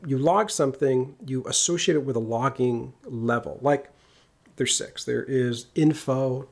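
Man, coding tutorial, casual, jokey asides, mid-pitched voice, walks through each step. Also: vocal fry, darkish tone. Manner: casual and jokey, talks while typing code. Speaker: programming instructor. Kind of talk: screen-recorded coding tutorial.

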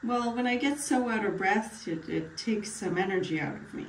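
A woman's voice: medium pitch, normal speed, slight background noise, lightly acted. A woman playing a retired older male patient with a bad cough in a mock doctor-patient role-play, giving short plain answers. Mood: tired. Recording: echoey room, far from mic, faint ambience.

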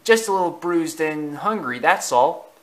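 A man voicing a young male fawn, raising his voice high and asking eager questions. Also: lively intonation, measured pace, a bit bright. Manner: high, wide-eyed questioning.

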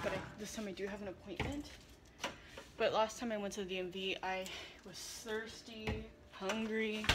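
A woman's voice: medium pitch, background noise. Chatty young woman vlogging at home. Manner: chatty, self-deprecating, addresses viewers directly. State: out of breath. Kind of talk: casual vlog chat. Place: at home, then in a car. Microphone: phone camera on a selfie stick.

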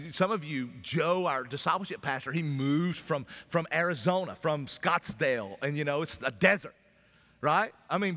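A pastor preaching a sermon in a conversational way, at times breaking into loud shouts. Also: male voice, sits high. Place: church sanctuary. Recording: long church hall reverb.

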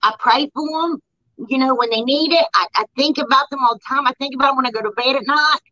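A woman's voice: sits high, quick pace, pushed and bright, muffled recording. A woman talking heartfelt and tearful in a casual chat. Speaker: guest YouTuber.

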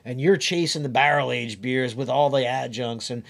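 A man's voice: medium pitch, moderate pace, gravelly, a bit bright. A man co-hosting a podcast, joking playfully and talking with enthusiasm about the beers. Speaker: podcast co-host. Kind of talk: casual chat tasting beer.

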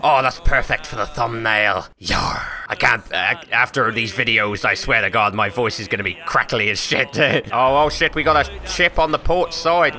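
A young man gives rowdy, swearing gameplay commentary and shouts pirate orders at his crew. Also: mid-range voice. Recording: game music loud behind voice.

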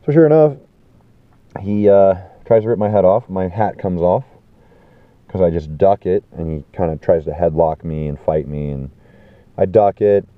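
A man telling a rambling festival story, animated and swearing, acting out the people he quotes. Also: sits low, moderate pace, no room sound. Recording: tinny phone-like sound.

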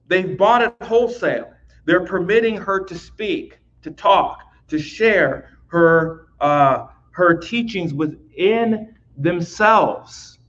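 A Bible teacher with a fairly bright voice, a little high for a man, talks through scripture casually in a recorded lesson. He repeats words as he goes and checks in with "right?", captured on a dull, lo-fi recording.

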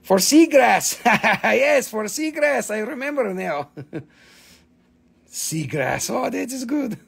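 A man hosting a live crystal sale on his phone, excitable and chatty, swearing casually and laughing often. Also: very high voice, slow pace, vocal fry, husky. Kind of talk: live-stream sales chat.

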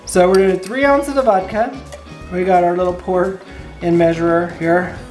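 A woman's voice: lowish voice, fairly even intonation, normal speed, darkish tone, faint music behind, poor audio. A woman co-hosting a cocktail-making video, chatty, playful and enthusiastic. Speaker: cocktail show co-host, called captain. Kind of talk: casual cocktail-making chat.

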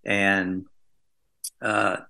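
A man's voice: deep voice, completely flat delivery, very slow, vocal fry, sharp tone. A man, a podcast guest, telling a long story in a casual, rambling way, full of fillers and restarts.

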